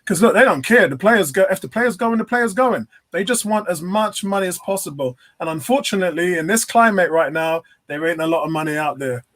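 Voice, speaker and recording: A man's voice: sits high, lively intonation, brisk, few pauses, a bit bright. A man on a casual fan stream passing on insider news in an earnest, confiding way.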